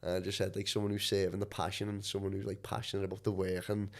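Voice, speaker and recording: A man's voice: low voice, monotone, fast talker. A man talking as a guest on a podcast about his coaching work, rambling loosely with plenty of fillers and swearing. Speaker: guest, mind and body coach. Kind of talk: casual podcast chat.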